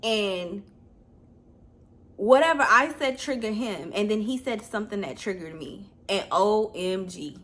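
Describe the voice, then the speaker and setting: A woman's voice: medium pitch, a little slow. Blunt woman telling a storytime. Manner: blunt, candid, animated storytelling. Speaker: vlogger telling a personal story. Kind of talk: casual storytime vlog.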